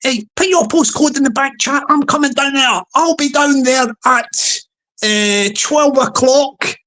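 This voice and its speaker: A woman voicing a mouthy male online tough guy who shouts threats in a Scottish accent. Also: sits high, unhurried. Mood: threatening.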